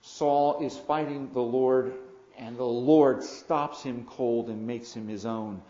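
A man delivers a sermon from the pulpit, surging into loud emphatic bursts and then stretching out his stresses. His voice sits in the middle range. The sound is echoey and a little muffled, like a church recording. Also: medium pitch, steady tone. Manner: preaches with sudden loud emphatic swells and slow drawn-out stresses. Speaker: pastor.

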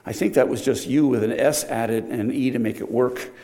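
An older man preaching a sermon in a conversational way, with sudden loud, emphatic rises. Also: mid-range voice, brisk.

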